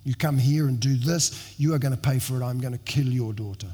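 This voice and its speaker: A man's voice: medium pitch, a little fast, mellow, breathy edge, lightly acted. A man voicing a threatening evil spirit in a sermon, speaking in a cold, menacing way. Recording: long reverb of a large hall.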